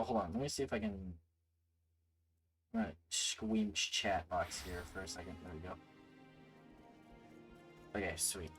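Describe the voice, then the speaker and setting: A man's voice: lowish voice, slightly rough. A man streaming a game, joking with chat in casual commentary. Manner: joking, laughing, talks to chat.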